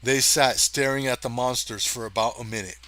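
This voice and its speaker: A man narrating a science fiction story aloud with lively drama, now and then turning to chat casually with his listeners. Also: mid-range voice, moderate pace. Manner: lively, chatty, talks to listeners directly. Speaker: audiobook reader.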